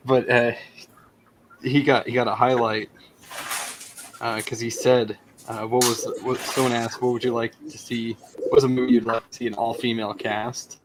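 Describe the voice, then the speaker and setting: Male co-host, mid-pitched voice, loose, rambling storyteller in casual chat. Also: little pitch movement, normal speed, pauses often, background noise. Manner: rambling, searching for words as he tells a story.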